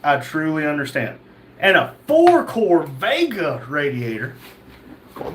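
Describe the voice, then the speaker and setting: A man talks easily as he hosts a live stream, reading off viewer names and messages. His voice sits a bit high for a man, and he answers each comment in a loose, friendly chat. A faint noise runs under the recording. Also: wildly swooping pitch, measured pace. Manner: reads chat names aloud, chatty and easygoing. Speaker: livestream host reading chat.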